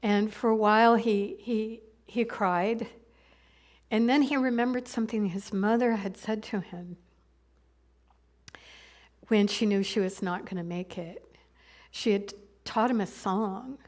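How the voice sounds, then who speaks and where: A woman minister tells a long story during a sermon. She speaks in a conversational, halting way, often restarting her phrases, at a middle pitch. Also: darkish tone.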